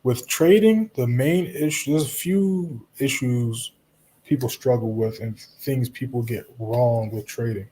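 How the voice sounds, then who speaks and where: Dark-voiced man streaming casually. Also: mid-range voice, measured pace, slight background noise. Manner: relaxed, reassuring, talks straight to viewers with frequent "you know" and "right?". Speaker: live trading streamer. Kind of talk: casual live-stream commentary answering chat.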